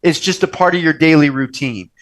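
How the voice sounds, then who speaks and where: A young man hosting a casual chat show from a restaurant's wine cellar, telling stories and acting out quoted lines in bigger voices. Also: brisk. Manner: animated storyteller, acts out quotes with big pitch jumps. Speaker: podcast host.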